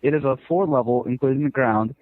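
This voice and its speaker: A man's voice: mid-range voice, fast, dry recording. Man reading mail over a tinny line. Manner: steady, plain reading. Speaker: guest co-host. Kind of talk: reading a listener email.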